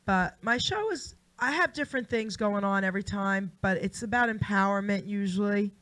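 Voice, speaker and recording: A woman talks about her radio show with an easy, friendly warmth. Her pitch is ordinary, and her chat is relaxed and upbeat. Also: moderate pace. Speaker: radio show host, guest. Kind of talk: casual studio chat. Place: radio studio.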